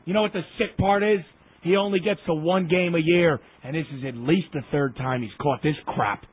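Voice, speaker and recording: A man's voice: on the high side, normal speed, breathy edge. A man delivering an impassioned, emphatic sports rant, repeating himself for effect. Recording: tinny phone line.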